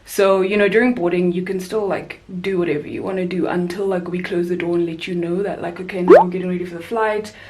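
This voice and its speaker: A woman's voice: fast talker, few pauses, a little hiss or hum. A young woman from South Africa, a flight attendant vlogger, chatting casually and animatedly while doing her makeup. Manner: chatty, animated storyteller, rising high for quoted voices. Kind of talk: casual makeup chat and storytime.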